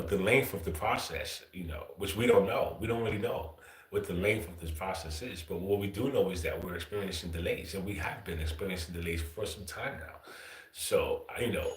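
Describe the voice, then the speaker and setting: A man's voice: lowish voice, reverberant. A man hosting his own livestream, talking in a loose, profane, casual monologue. He says "bro" constantly and chuckles often. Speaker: livestream host.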